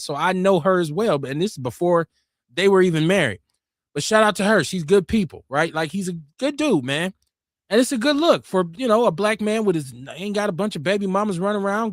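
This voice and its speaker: Man, call-in host, high voice, emphatic, outspoken, dry close sound. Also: no room sound. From Milwaukee, Wisconsin, USA. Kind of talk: casual political talk.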